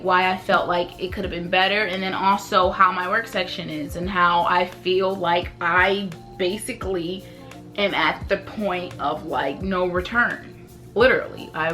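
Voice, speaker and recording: A young woman talks straight to her viewers in a casual vlog, chatty and animated, slipping into the voices of people in her story. Her voice is bright and forceful, and faint music plays under it. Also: medium pitch. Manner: chatty, animated, acts out quoted dialogue. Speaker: vlogger.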